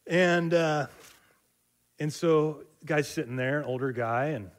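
A man's voice: on the high side, measured pace. A middle-aged man preaching a sermon, telling stories in a loose conversational way with many fillers and restarts and acting out the voices of people in them. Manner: acts out quoted voices in dialogue. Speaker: pastor.

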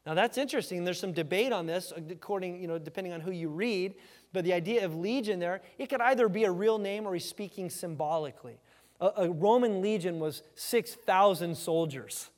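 A male pastor preaching a sermon in an animated, repetitive style, with a fairly high voice. He keeps calling for an amen. His voice echoes through a church with a long reverb tail. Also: brisk. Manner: animated, repeats words, asks the congregation "amen?". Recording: reverberant hall.

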